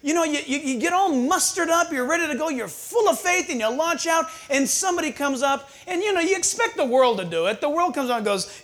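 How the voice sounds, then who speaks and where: Preacher with a lively, swooping voice. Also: high-pitched, fairly quick, hardly any pauses. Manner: conversational, asks the audience rhetorical questions; acts out scenes with quoted voices. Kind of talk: sermon.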